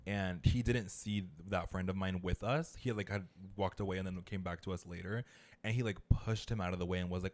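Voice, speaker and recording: Low-voiced, fast-talking man chatting. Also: fairly even intonation, darkish tone. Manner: chatty storyteller, filler-heavy. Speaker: podcast co-host. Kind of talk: casual chat.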